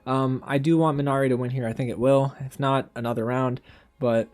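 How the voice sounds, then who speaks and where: Host, young man, casual reaction commentary, worked-up and animated, mid-pitched, faint music underneath. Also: a little fast. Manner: animated, exasperated, talks straight to viewers. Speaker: film critic and channel host.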